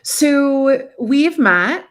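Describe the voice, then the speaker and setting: Chatty podcast host lady, gushy and animated, swears here and there, video call sound. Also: sits high, extremely slow. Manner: animated, gushing, swears casually. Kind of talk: casual chat.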